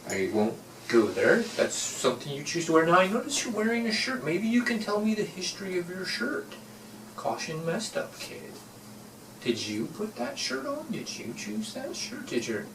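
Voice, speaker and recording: A man talking gently and a little too formally, coaxing a child in a scene. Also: mid-range voice. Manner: gentle, overly formal big-brother tone. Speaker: performer in a scene study. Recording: roomy, distant, noisy room recording.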